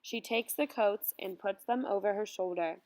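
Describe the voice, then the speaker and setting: A woman's voice: medium pitch, normal speed, darkish tone. Woman reading a story aloud. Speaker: audiobook reader. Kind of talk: first-person story narration.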